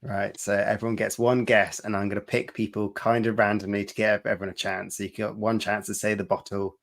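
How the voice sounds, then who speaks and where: Lower-voiced man, relaxed stream host on a video call, explaining a game. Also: a little fast. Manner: relaxed, explains game rules with small laughs. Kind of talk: hosting a live stream chat.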